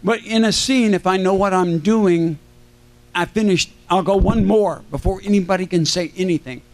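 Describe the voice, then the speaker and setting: An older man with a notably high voice tells loose, jokey stories from a convention panel stage. He keeps breaking off mid-sentence and circling back. Now and then he acts out the people he quotes. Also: normal speed. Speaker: celebrity panel guest. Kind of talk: rambling anecdotal storytelling.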